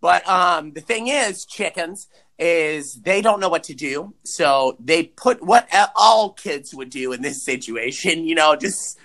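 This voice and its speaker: An animated male podcast co-host recaps an old movie in loose, profane casual chat. His voice is bright and a little high for a man, and it leaps up and down in pitch whenever he wants to stress a point. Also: unhurried. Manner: animated, swearing, swings pitch for emphasis.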